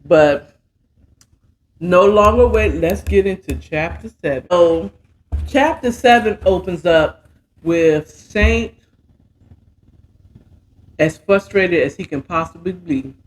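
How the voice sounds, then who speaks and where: A woman's voice: fairly low pitch, expressive, takes it slowly, long pauses. A woman hosting a casual bedtime story recap, chatting in a laid-back, slangy way while mixing and sipping a cocktail. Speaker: host and storyteller.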